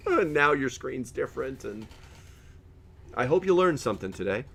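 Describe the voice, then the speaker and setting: A man's voice: mid-range voice, very animated, moderate pace, vocal fry, fairly bright tone, husky. Joking man chatting on a live stream. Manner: joking, reads viewer comments aloud and laughs often. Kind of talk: casual live-stream chat.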